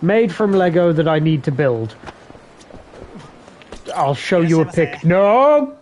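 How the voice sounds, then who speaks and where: A man commentating a live game stream, excitable and swearing heavily, jumping between yelps and mutters. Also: a little high, slow pace, a little hiss or hum.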